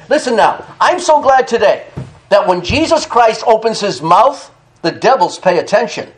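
A man's voice: very high voice, animated, normal speed. A man preaching a sermon emphatically, repeating key phrases, calling out to the congregation for an "amen" and laughing between points.

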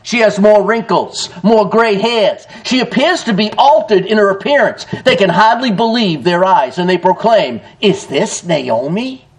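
A man preaching a sermon in an animated way, often laughing and calling his listeners folks. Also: sits high, moderate pace, few pauses. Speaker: pastor.

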